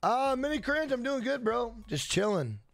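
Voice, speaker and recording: Loud profane man streaming, high lively voice, gravelly edge, faint music behind. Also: normal speed. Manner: loud, yells to be heard; brash and profane, reads chat aloud. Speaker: game streamer. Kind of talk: casual live-stream chat.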